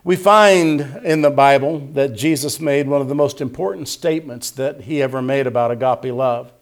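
A man preaching a sermon in a voice of ordinary pitch. He sounds earnest and doubles key words for emphasis. He reads scripture aloud to his congregation. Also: normal speed. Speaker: pastor.

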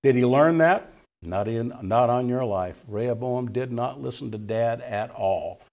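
A man's voice: mid-range voice, a little slow, darkish tone. A middle-aged male pastor preaching a sermon, telling a story in a folksy way and acting out the dialogue.

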